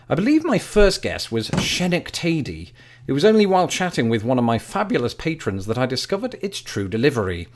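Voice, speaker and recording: Wry British man with a lively voice. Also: mid-range voice. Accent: British English. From Britain. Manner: dry, wry and self-mocking. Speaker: YouTube host. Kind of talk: scripted comic narration.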